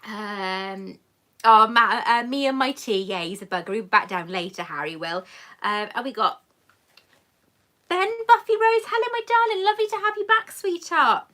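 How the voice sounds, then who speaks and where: Bright, chatty British woman streaming live. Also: fairly high pitch, moderate pace. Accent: British English. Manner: chatty and affectionate, calls viewers love and sweetheart. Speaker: YouTuber hosting a live Q&A. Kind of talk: casual live-stream chat reading viewer comments. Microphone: camera mic on a monopod.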